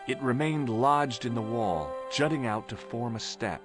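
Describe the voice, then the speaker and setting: A man voicing a wry young adventurer narrates his own exploits with a dry, matter-of-fact touch. His pitch moves lively up and down over a mid-range voice, and clear game music plays behind him. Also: measured pace, close to an everyday voice. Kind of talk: scripted game voice acting.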